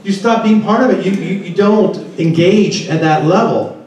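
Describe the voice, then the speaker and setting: A man's voice: high-pitched, moderate pace, a little mellow. Man speaking in an echoey hall. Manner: asks the audience many questions. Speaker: conference speaker. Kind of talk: seminar talk to an audience. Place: large conference room. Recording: echoey room, distant mic.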